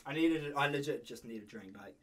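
A man from New Zealand with a New Zealand accent, reacting excitedly to an album while fighting a cold and coughing, gushing and laughing often. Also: mid-range voice, a little fast, background noise. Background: music playing faintly.

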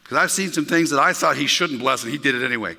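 A man's voice: mid-range voice, quick pace, creaky, sharp tone, in a large hall. A male pastor preaching a sermon in an emphatic, conversational way, talking directly to his congregation. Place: church sanctuary.

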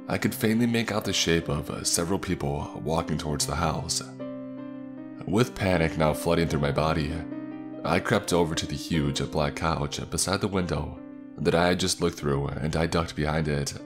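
A man reading a horror story aloud as a scripted narration, in a measured, suspenseful way. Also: very deep voice.

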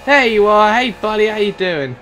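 Excitable young-sounding man joking over gameplay. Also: high voice, normal speed. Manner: excitable, jokey, bursts into shouts. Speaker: gaming commentator. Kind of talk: playful let's-play commentary. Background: game music.

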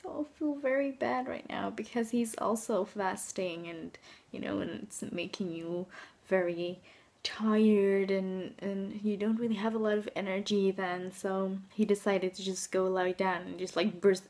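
A woman's voice: mid-range voice, fairly even intonation, a little slow, a little mellow. A young Dutch woman talks to her handheld camera from her bedroom, with a Dutch accent in her English. She rambles from one thing to the next, filling the gaps with ums and little laughs. It sounds like easygoing, unscripted vlog chat. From Netherlands. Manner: rambling and chatty, laughs often, many fillers. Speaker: vlogger.

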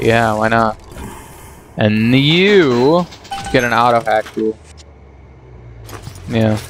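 A man's voice: mid-range voice, slight background noise. A man casually commenting on his own gameplay, rambling and self-deprecating as he talks to himself. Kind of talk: casual let's play commentary.

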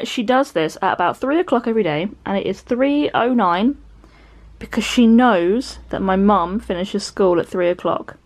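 A British woman in her twenties talking to the camera from her living room in a casual, giggly, rambling vlog. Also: mid-range voice. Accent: British English. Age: 20s. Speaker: vlogger. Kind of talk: casual home vlog chat. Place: home living room, indoors.

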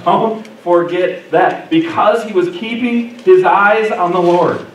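A man with a high voice preaches a sermon, giving the quoted lines expression as he acts them out. He is recorded from a distance in an echoey church, with faint background noise. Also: slow, muffled recording. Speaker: pastor. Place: church sanctuary.

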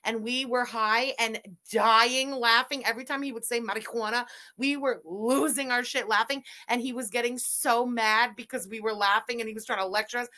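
A woman streamer giving loud, animated, swearing reaction commentary while watching a video, laughing often. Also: on the high side, normal speed, few pauses. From Canada.

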